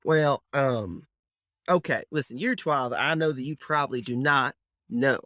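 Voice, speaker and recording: A bearded little gnome druid holds forth in a folksy drawl, gruff and set in his ways, as a man puts him on for a tabletop game. His voice sits at a middling pitch and sounds dry and close. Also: measured pace, pushed and bright, dry recording. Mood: folksy grumbling. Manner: folksy drawl, grumbling about mages. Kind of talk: tabletop role-play.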